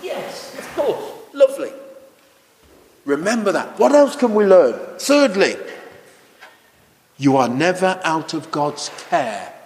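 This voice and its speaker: A man preaching a children's sermon, animated and exclaiming, asking the children questions. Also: sits high, slow, long pauses, slight background noise. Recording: echoey hall.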